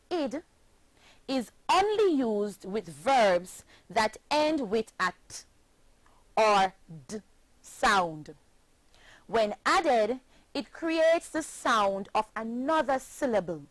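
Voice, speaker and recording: A woman's voice: a little high, no echo, rough recording. A Jamaican woman teaching children a pronunciation lesson, chanting phrases and spelling words out letter by letter. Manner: slow, sing-song chanting with patient spelling out.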